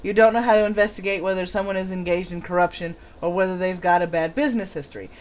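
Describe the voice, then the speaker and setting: A woman's voice: fairly low pitch, fairly even intonation, fast. A woman hosting a casual chat stream, reading testimony aloud with sarcastic asides and frequent laughter. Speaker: podcast host.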